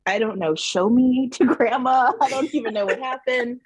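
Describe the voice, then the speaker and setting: A middle-aged woman from Southern New Mexico, a podcast guest telling family stories in a lively, laughing way full of "like". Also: on the high side, normal speed, husky, no echo. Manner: animated, laughing, many "like" fillers. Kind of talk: casual storytelling interview.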